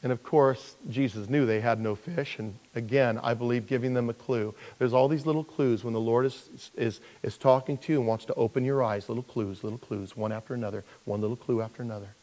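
A male pastor preaching a conversational sermon, with many restarts and now and then putting on playful high voices for characters. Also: fairly even intonation, brisk, hardly any pauses, a little mellow, in a large hall.

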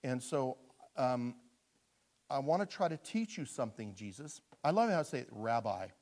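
A man's voice: medium pitch, moderate pace. Guy preaching, chatty and funny, voice jumps all over the place, laughs at himself a lot. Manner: conversational, humorous, animated. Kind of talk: sermon.

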